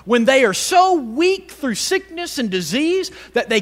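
A man preaching a sermon, swinging from loud exhortation to hushed tones and calling on the congregation to answer him. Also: very high voice, very animated, measured pace, big-room sound. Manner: calls on the congregation to respond.

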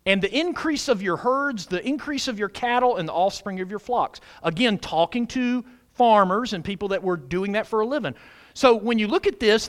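A middle-aged man preaching with a high, lively voice that leaps up and drops away. He fires questions at the congregation and answers them himself, going from loud calls to hushed asides. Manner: dramatic swings from loud exclamation to quiet asides. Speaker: pastor. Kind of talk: sermon.

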